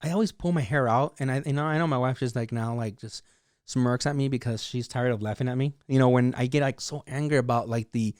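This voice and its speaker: Ranting man, smooth voice, dry sound. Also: medium pitch, fairly quick, a little mellow, dry recording. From San Diego, California, USA. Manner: heated ranting, full of "like" and "you know". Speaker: vlog host. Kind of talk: opinionated commentary.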